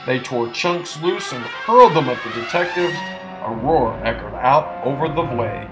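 A man's voice: medium pitch, normal speed. Man narrating a story over music. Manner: expressive, dramatic. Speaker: audiobook narrator. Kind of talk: audiobook narration.

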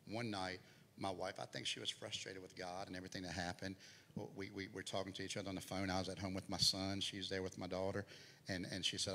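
This guest preacher, a middle-aged man, delivers his testimony from the church sanctuary in a low-sitting voice with a fairly bright tone. His delivery swells and drops with the story, captured with hall reverb and a little background noise.

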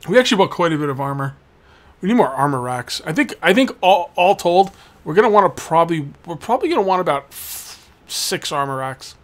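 A man's voice: on the high side, sing-song, a little fast. A man hosting a let's play, giving casual gameplay commentary and joking with the game's customers as he goes. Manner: jokey, chats with game customers.

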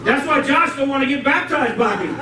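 A male pastor born in Puerto Rico, speaking with a New York accent, preaches a joking, slang-filled sermon in a church sanctuary. His voice is very high-pitched, expressive, and fairly quick. The recording is noisy and roomy, made in a hall with a distant mic and crowd noise.

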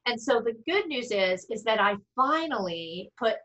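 A middle-aged woman speech-language pathologist explains cases to colleagues over a video call. Her voice is bright and forward, and she talks in a chatty way, restarting sentences and tossing in self-deprecating asides. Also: fairly high pitch, very animated, normal speed, poor audio. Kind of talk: explaining to fellow clinicians.

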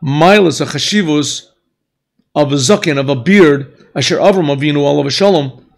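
A rabbi teaching a class, asking questions, mixing in Hebrew phrases and often clearing his throat. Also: a little high, moderate pace. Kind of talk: yeshiva class lecture. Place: yeshiva classroom.

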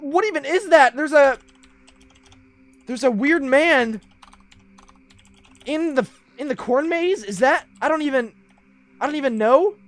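Brief: a man as a jumpy young witness in pajamas, high, wildly swinging voice, frantic horror-film energy. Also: lively intonation, a little slow, pauses often, fairly bright tone, no echo, exaggerated voice. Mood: panicked. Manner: frantic, breathless, repeats himself. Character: panicky young man in pajamas, easily spooked. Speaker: witness at a corn maze. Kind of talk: amateur horror film acting.

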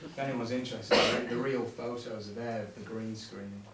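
A man's voice: mid-range voice, steady tone, a little fast, crowd noise. Chatty man in an echoey theatre. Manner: rambling, self-interrupting, laughs often. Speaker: director and actor. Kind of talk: casual Q&A talk. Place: theatre hall with audience. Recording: echoey room from far off with audience.

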